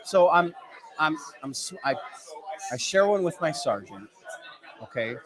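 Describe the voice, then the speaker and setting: A man chatting as a guest on a cigar show, telling animated stories and repeating his words. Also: on the high side, a little slow, crowd noise. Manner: animated storyteller, repeats himself. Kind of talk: casual chat.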